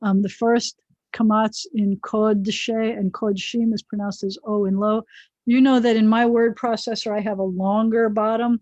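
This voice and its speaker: A woman's voice: on the high side, level tone, a little slow, darkish tone, no room sound. A middle-aged woman rabbi leads an online biblical Hebrew class, explaining each word and drifting into friendly asides. Her voice comes over a dull, dry video-call connection.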